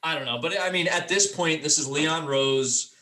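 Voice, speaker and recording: A man's voice: on the high side, moderate pace, sharp tone. A man hosting a casual sports podcast, joking loosely and talking with many ums and restarts. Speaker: podcast host.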